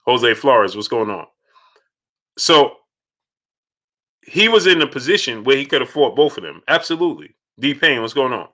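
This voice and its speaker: Bright, emphatic male live-stream host. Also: mid-range voice, big pitch swings, normal speed, pauses often. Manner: greets chat viewers by name between points; emphatic, repeats key points. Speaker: boxing channel host. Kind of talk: live-stream boxing talk.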